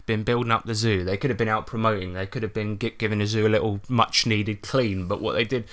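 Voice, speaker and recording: A man's voice: on the low side, steady tone, fast talker, fairly bright tone. A man chatting casually as a podcast co-host and game master, telling stories with laughs and the odd swear word. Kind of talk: casual chat.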